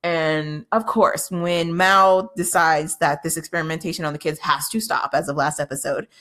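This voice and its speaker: A woman's voice: low-pitched, moderate pace. Chatty woman recapping a TV episode. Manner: chatty and excitable, with frequent restarts and laughs. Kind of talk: casual spoken episode recap.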